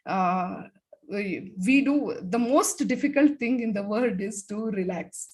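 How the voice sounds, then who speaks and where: A woman leading a guided laughter exercise on a video call, talking with many fillers and demonstrating laughter sounds in loud bursts. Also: medium pitch, slow. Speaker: laughter yoga expert.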